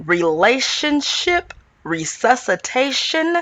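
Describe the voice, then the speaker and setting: In a slow-paced, opinionated rundown of a reality show, a female host rants with animation and abrupt leaps in pitch. The recording carries no room sound.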